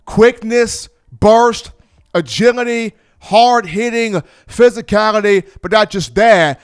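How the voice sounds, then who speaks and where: A man hosting a sports talk show, talking in an animated, playful storytelling manner. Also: high-pitched, slow, clear, resonant tone. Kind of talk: energetic sports talk commentary.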